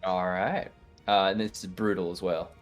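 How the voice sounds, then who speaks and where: Low-voiced male player, excitable about his rolls, faint music under him. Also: a little slow. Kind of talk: tabletop game play.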